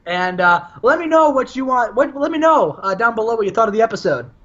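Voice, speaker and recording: A man's voice: very high voice, very animated, fast talker, fairly bright tone, highs cut off. A man co-hosting a podcast, telling stories animatedly and laughing often. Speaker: podcast co-host. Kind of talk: casual storytelling chat.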